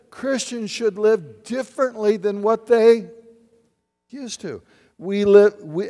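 A man's voice: high voice, darkish tone. A man preaching a sermon as a pastor, putting questions to the congregation and answering them. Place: church sanctuary. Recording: long hall reverb.

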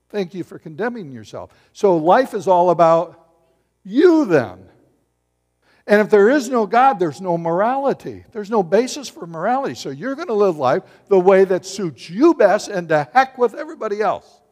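A man preaching a sermon as pastor, animated and joking with his congregation. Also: high voice, normal speed. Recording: long hall reverb.

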